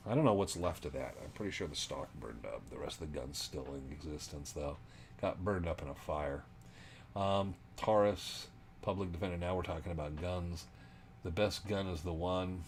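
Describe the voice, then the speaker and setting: Deep-voiced rambling Arizona man, casual. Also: slight background noise. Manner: rambling, chatty, many ums. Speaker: livestream host. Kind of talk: casual livestream chat.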